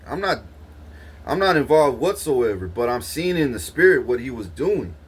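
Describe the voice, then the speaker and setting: A man's voice: medium pitch, big pitch swings, moderate pace, slightly rough. A young man, talking casually and rambling through a story with profane street slang and many restarts. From Corpus Christi, Texas. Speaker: vlogger. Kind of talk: casual monologue recounting a dream.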